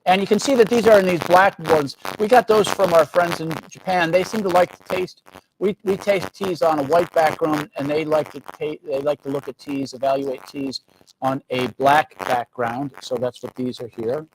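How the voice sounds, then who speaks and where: A man's voice: a little high, steady tone, moderate pace, noisy background. A man hosting a casual live stream about teas, talking in a loose, rambling way with many fillers and joking asides. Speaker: tea company host.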